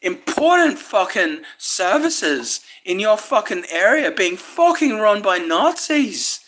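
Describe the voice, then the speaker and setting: A woman's voice: medium pitch, very animated, slow, fairly bright tone. A woman delivering a rambling, angry monologue, swearing nearly every sentence. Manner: swears constantly, rambling, frustrated. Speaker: vlogger.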